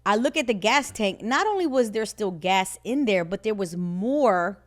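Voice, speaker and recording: A woman's voice: mid-range voice, moderate pace. A woman co-hosting a podcast, telling a personal story in casual chat, laughing often and acting out what she and others said. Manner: animated storyteller, laughs often, acts out her own quotes. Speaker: podcast co-host.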